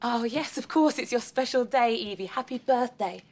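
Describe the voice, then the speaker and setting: A woman playing a primary school teacher, speaking in a gentle, coaxing classroom tone in a children's series. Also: fairly high pitch, normal speed. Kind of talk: children's live-action series.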